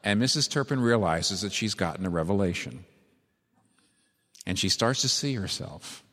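A man's voice: on the low side, lively intonation, normal speed, sharp tone. A man preaching a sermon, retelling a story vividly and with emphasis before leading a prayer. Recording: long hall reverb.

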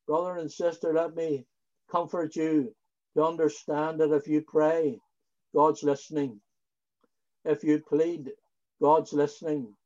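A man preaching a sermon in an earnest, slow way, with rising emphasis on key words. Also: on the high side, level tone, darkish tone. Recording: dull lo-fi recording.

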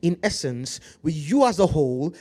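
A man with an African accent preaching a sermon, slowing down to read scripture aloud and calling out to his congregation. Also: fairly high pitch, very animated, dark tone. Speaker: pastor.

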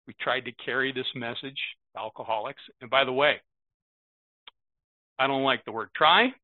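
A man's voice: medium pitch, expressive, normal speed, dry recording. A man of fifty with an American accent, sharing earnestly at a recovery meeting and often asking "right?". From United States. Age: 50s. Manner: earnest, repeats words, rhetorical "right?". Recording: phone-like narrow sound.

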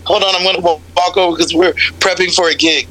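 A woman's voice: on the low side, steady tone, fast, a bit bright, low-quality recording. A woman from the United States, a guest singer, chatting in a radio interview with a talkative, direct manner. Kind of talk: casual radio interview chat.

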